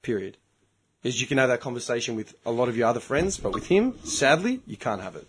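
A man's voice: mid-range voice, big pitch swings, fast, noisy background. An Australian man telling a story in a casual podcast chat, heated and full of swearing. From Melbourne, Australia. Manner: profane, heated storytelling rant. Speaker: podcast host.

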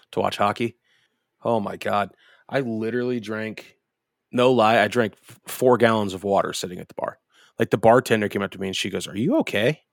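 A man's voice: on the low side, creaky, dry recording, clean studio sound. A man co-hosting a podcast, telling a rambling, profane story in casual chat. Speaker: podcast co-host.

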